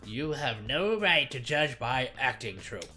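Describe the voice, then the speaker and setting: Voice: medium pitch, very animated, pushed and bright, faint music behind, pitched below the performer's own voice. A streamer doing a nasal, pompous theater man. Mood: indignant. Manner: angry, slow, pompous snapping. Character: hot-tempered middle-aged male theater director. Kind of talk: voicing a game character while reading aloud.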